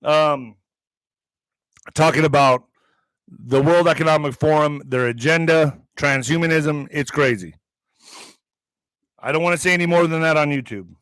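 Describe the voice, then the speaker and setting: A man's voice: a little high, moderate pace, long pauses, fairly bright tone, dry recording. A man hosting a political commentary stream, reading headlines aloud and breaking into heated, profane, sarcastic asides. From Mexican heritage.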